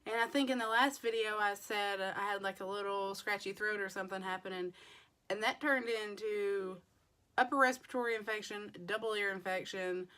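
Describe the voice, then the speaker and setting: A woman with a hoarse voice, chatting casually through a makeup haul as a beauty vlogger, rambling with plenty of fillers. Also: medium pitch, steady tone, a little fast, pushed and bright.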